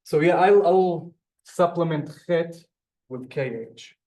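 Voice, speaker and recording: A man teaching a class in a classroom, with a raised, mellow voice. He explains patiently and step by step and keeps checking that his students are following. His delivery is unhurried and methodical. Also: on the high side. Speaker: Hebrew teacher. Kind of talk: classroom lesson.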